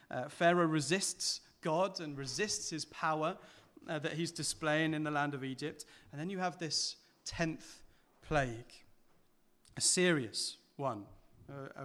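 A man preaching a sermon with a voice that sits a little high. He talks to the congregation in an easy, conversational way and keeps turning points into rhetorical questions for them. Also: fairly bright tone.

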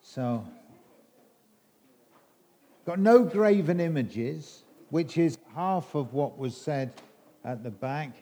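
A man's voice: a little high, animated, slow pace, long pauses, warm tone. A middle-aged English man preaching an all-age sermon, quizzing children in a playful, teasing way.

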